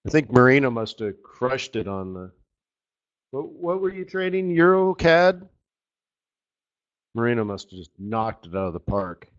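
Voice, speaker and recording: Guy doing live trading webinar commentary, slow and excitable, dull lo-fi audio. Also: mid-range voice. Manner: excitable, exclamatory, trails off while fiddling with charts. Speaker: forex market strategist hosting a live webinar.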